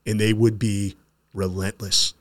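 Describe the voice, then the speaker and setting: A middle-aged man with a somewhat low voice hosts a conversational interview. He talks earnestly and often breaks off to restart his sentences. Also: flat delivery, measured pace. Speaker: podcast host.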